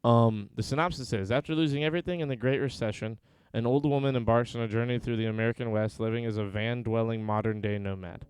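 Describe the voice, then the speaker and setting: Clear-voiced man reading film synopses. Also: medium pitch, steady tone, quick pace, few pauses, a little mellow, no room sound. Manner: rambling, dry sarcastic asides. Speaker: podcast co-host. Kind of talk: casual podcast chat, reading film synopses aloud.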